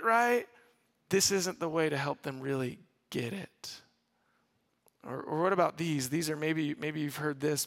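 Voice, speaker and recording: Male pastor, lively sermon, high voice, acts out quotes, rhetorical questions. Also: normal speed. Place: church in front of a live congregation.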